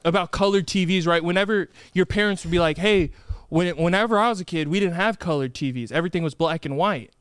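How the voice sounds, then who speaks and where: A man's voice: high voice, quick pace, hardly any pauses, fairly bright tone, clean tone, no room sound, clean studio sound. A young man hosting a podcast, chatting casually and telling stories, laughing through his own tales. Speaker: podcast host. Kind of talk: casual chat.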